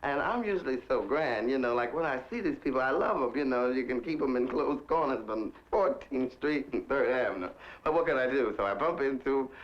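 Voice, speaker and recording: A man's voice: medium pitch, animated, a little fast. Camp flamboyant guy telling stories, laughs a lot, voice goes all over, muffled old film sound. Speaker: interviewee telling life stories. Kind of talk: candid storytelling to the camera. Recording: dull 1960s film recording.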